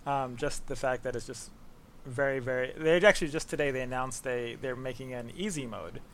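A man's voice: medium pitch, steady tone, a little fast, fairly bright tone, a little hiss or hum. A man from the Bronx, talking casually as a podcast guest, rambling with fillers and laughter. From the Bronx, New York. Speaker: podcast guest, games writer. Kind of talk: casual conversation.

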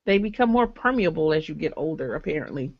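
A woman in her thirties co-hosting a casual gaming podcast, chatty and quick to laugh, with plenty of ums. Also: sits low, expressive, no room sound. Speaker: podcast co-host. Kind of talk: casual chat. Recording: slightly dull lo-fi call audio.

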